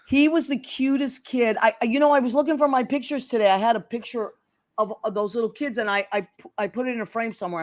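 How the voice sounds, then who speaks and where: A woman hosting a casual chat show, gushing and affectionate. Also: on the high side. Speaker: host.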